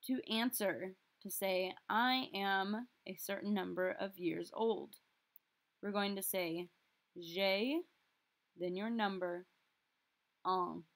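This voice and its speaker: A woman teaching a recorded French lesson, explaining step by step and slowly repeating example phrases. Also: mid-range voice.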